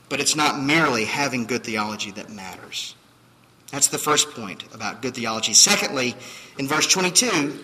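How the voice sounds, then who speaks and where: A man's voice: mid-range voice, bright, forceful tone, slight background noise. A man preaching a sermon as pastor, emphatic, with fillers and acted-out quotes. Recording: distant hall reverb, faint ambience.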